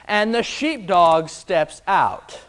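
A man preaching a sermon as pastor, slow and emphatic, building on repeated rhetorical questions. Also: high-pitched, animated, fairly bright tone.

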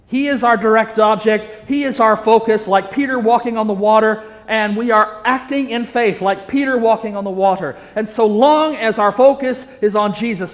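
A man's voice: high-pitched, fairly bright tone. A man preaching a sermon in an earnest, emphatic way, repeating phrases for weight. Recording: reverberant hall.

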